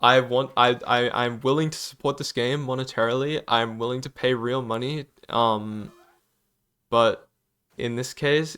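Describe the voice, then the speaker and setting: A man's voice: medium pitch, fairly even intonation, measured pace, fairly bright tone, clear, resonant tone. A young man giving an unscripted opinion vlog about a game, hesitant and apologetic, stammering often and using many fillers. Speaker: gaming YouTuber.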